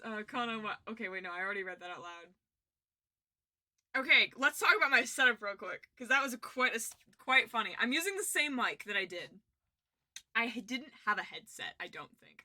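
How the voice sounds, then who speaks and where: Giggly young woman streamer, bright voice. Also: on the high side. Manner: giggly, rambling, self-interrupting. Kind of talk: casual livestream chat.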